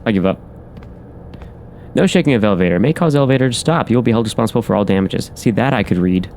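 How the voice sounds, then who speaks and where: This gaming channel host sounds animated and fast, his voice lowish with a darkish tone. In his let's play commentary of a horror game, he mutters to himself over codes and drops wry asides, with a bit of background noise.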